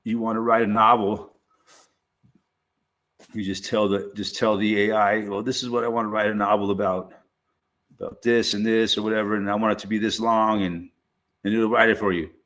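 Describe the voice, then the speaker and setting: Rambling, cursing low-voiced man. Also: little pitch movement, fairly bright tone. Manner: rambling, profane, halting restarts. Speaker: streamer. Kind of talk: casual rambling monologue.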